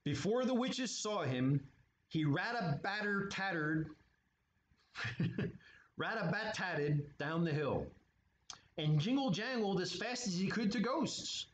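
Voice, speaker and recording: A man's voice: high voice, lively intonation, slow, long pauses. A man reading a children's storybook aloud with playful, chatty asides. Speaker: storytime reader at art studio. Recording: echoey room, muffled, faint hiss.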